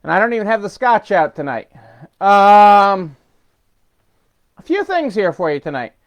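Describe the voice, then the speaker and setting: A man's voice: sits high, big pitch swings, a little slow. A middle-aged man hosting a weekly business update, talking casually and rambling with fillers, restarts and chuckles. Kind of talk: casual unscripted talk.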